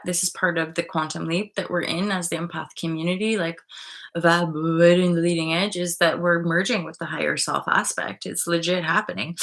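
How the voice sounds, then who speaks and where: A woman's voice: lowish voice, gravelly, a bit bright. A woman hosting a live online stream, talking passionately in a rambling way, swearing and reading out viewer comments.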